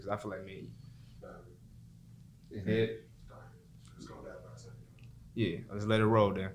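A man's voice: on the low side, noisy background. A man hosting a casual chat, laid-back, with short agreeing replies. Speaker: host.

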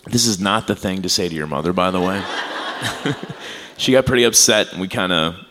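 A man's voice: low-pitched, normal speed, noisy background. A man co-hosting a podcast at a live taping, telling a personal story in a candid, rambling way. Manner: candid, rambling with fillers and restarts. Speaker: podcast co-host.

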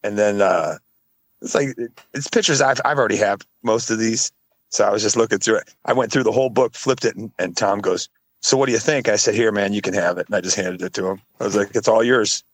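A man's voice: fast talker, dry recording. A man co-hosting a podcast, telling stories in casual chat and acting out what others said. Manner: animated storyteller, acts out others in high voices. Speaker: podcast co-host.

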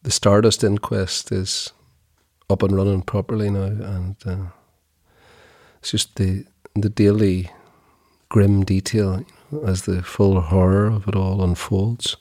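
A middle-aged man co-hosting a podcast, talking in a halting, wry way with chuckling asides. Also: sits low, level tone, a little mellow, dry recording, clean studio sound. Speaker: podcast co-host. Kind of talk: casual chat.

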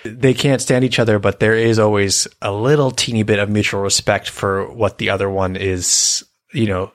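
A man co-hosting a podcast in relaxed, casual chat, thoughtful and amused. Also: fairly low pitch, moderate pace. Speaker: podcast co-host.

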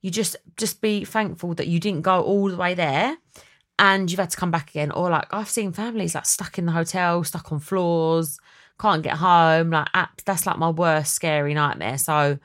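A young woman hosting a podcast, chatty and dramatic in a casual chat. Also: a bit bright. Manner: chatty and dramatic, quick swings in pitch. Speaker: podcast host.

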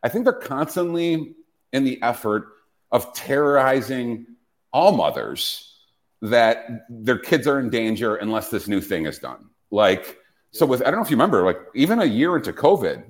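A man's voice: mid-range voice, big pitch swings, moderate pace. A man hosting a casual podcast, ranting with profanity and frequent restarts. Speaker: podcast host.

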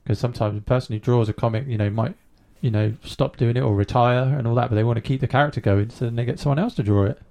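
A man hosting a casual podcast chat with children, asking gentle questions with many ums and uhs. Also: mid-range voice, fast talker, hardly any pauses. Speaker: host.

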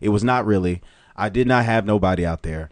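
A man with a Jamaican accent, a podcast guest chatting in a jokey, animated way. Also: on the low side, brisk, no echo. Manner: animated, jokey, full of impressions. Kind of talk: casual chat.

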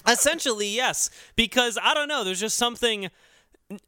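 A man in his thirties, co-hosting a podcast in casual, excitable chat with quick laughs. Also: extremely high pitch, clean tone, no room sound, studio quality. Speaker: podcast co-host.

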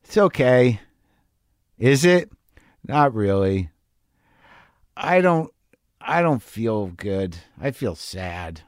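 A man's voice: mid-range voice, big pitch swings, drawn-out words, long pauses, no room sound, clean studio sound, voice pushed down. A man voicing his own sad seven-year-old inner child, with a small, hesitant and subdued delivery.

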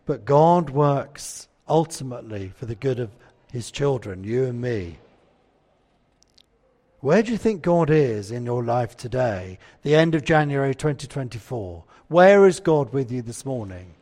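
A man's voice: medium pitch, big pitch swings, a little slow, darkish tone. A man preaching a conversational sermon and often putting questions to the congregation. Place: church. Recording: church hall reverb.

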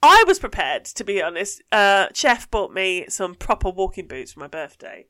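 A young woman hosting a podcast, telling an animated story in casual chat, swearing freely and laughing as she goes. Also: medium pitch, normal speed, no room sound, clean studio sound. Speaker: podcast host.

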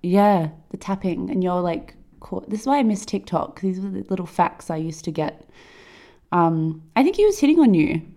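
A woman's voice: fairly low pitch, expressive, normal speed, mellow. A woman in her late twenties co-hosting a podcast, teasing her friend in a playful, rambling way. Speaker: podcast co-host. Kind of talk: casual chat.

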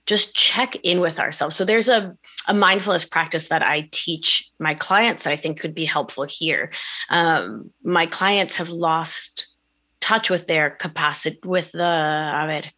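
A woman guest on a podcast, talking in an animated way about mindfulness and often asking "right?". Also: on the low side, slow. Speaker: podcast guest, wellness coach. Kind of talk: conversational interview.

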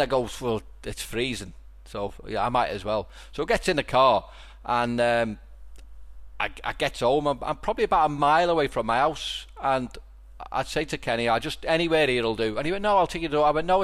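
A man's voice: medium pitch, expressive, brisk, a bit bright. A man with a Scouse accent from Liverpool, hosting a casual podcast and telling stories with lots of restarts and repeated words. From Liverpool, England. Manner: rambling storyteller with frequent restarts. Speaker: podcast host.

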